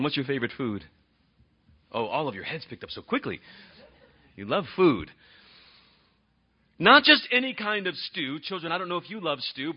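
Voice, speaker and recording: A male pastor preaches in a church, his voice lively and swinging widely in pitch as he draws the congregation in with questions. His tone is husky and a bit breathy, and the recording sounds dull and lo-fi. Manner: animated, conversational, asks the congregation questions. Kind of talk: sermon.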